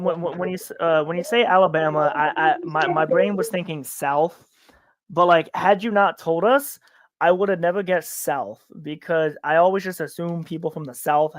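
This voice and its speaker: A man's voice: on the high side, dry recording. A man from upstate New York hosting a podcast in casual chat, rambling with many restarts and stammered repeats. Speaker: podcast host.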